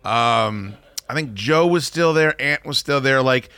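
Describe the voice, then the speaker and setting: A man's voice: mid-range voice, measured pace, sharp tone, clear, resonant tone, dry recording. A man hosting a talk show, telling a story in a wry, profane, casual way. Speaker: radio show host.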